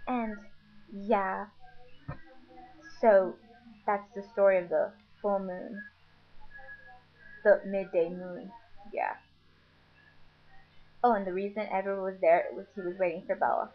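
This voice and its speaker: A woman's voice: medium pitch, slow, long pauses. A young woman telling a made-up story in a rambling, sarcastic, offhand way, on a dull lo-fi webcam mic. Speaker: vlogger. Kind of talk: casual storytelling.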